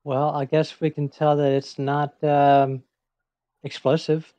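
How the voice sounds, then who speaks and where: A player in a casual tabletop game, talking in a deadpan way. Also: medium pitch, slow pace, no room sound. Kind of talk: casual tabletop role-play.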